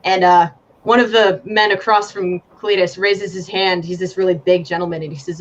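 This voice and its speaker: A woman's voice: on the low side, steady tone, normal speed. A woman narrating a tabletop game as game master, giggling as she tells it, on a dull lo-fi recording with faint hiss. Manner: giggly, casual storytelling.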